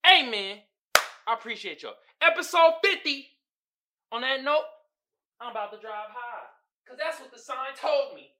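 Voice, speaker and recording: A man hosting his own podcast in casual solo chat, slangy and animated, laughing often. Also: very high-pitched, moderate pace. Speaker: podcast host.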